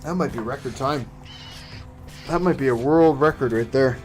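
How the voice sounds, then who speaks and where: A man's voice: medium pitch, moderate pace. Wry male game streamer, music behind. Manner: wry, swings from mutters to shouts. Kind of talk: let's play commentary.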